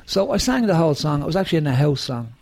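Rapid-fire and creaky, this slightly high-voiced Dubliner is a rock singer being interviewed as a guest. His casual storytelling runs hot and animated, laced with lots of cursing.

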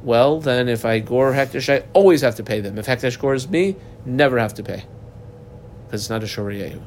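A man's voice: medium pitch, fairly quick, darkish tone, a little hiss or hum. A man teaching a Talmud class, reading Aramaic lines aloud and then explaining them in plain English.

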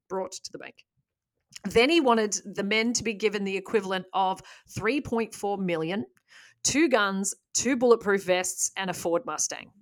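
A woman hosting a casual podcast, retelling a story with lively asides and laughs. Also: medium pitch. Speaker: podcast host.

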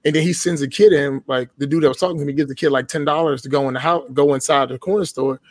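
A young man tells a story in quick, animated bursts, cursing freely. His voice sits a bit high for a man. The sound is close and dry, with no room around it. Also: no echo. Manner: profane, blunt, animated storytelling. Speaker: podcast guest. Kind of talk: casual storytelling.

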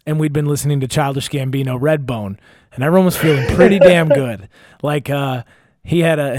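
Young man, casual storyteller, rambling and swearing, slightly high voice, dry close sound. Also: darkish tone, no echo. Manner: rambling, profane, laughing, many fillers and restarts.

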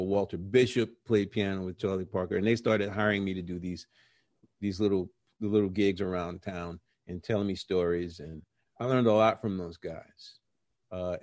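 A middle-aged man, a jazz musician being interviewed, telling stories about his early career in a lively, conversational way and acting out the voices he quotes. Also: low-pitched, no room sound, studio quality. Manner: animated storyteller who acts out quoted voices.

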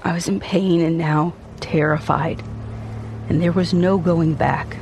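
A man narrating a dark first-person story in an intense, brooding, theatrical way. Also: on the high side, fairly even intonation, a little slow, slight background noise.

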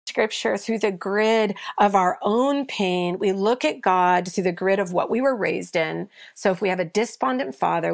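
A woman's voice: mid-range voice, gravelly. A woman pastor and author as a guest, speaking in an earnest preacher's cadence about faith. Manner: earnest preacher's cadence, voices biblical figures with rising intensity. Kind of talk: passionate faith conversation.

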